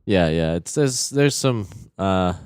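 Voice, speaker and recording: A man's voice: sits low, expressive, takes it slowly, darkish tone, clear, resonant tone, no echo, clean studio sound. A man in casual podcast chat, talking hesitantly with many fillers. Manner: hesitant, lots of "uh" and "like". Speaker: podcast co-host.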